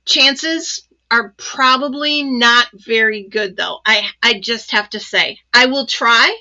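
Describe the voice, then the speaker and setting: A woman hosting a casual live crafting demo, chatty and excited, with many ums and asides. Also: on the high side, slow pace, muffled recording. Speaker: crafting channel host.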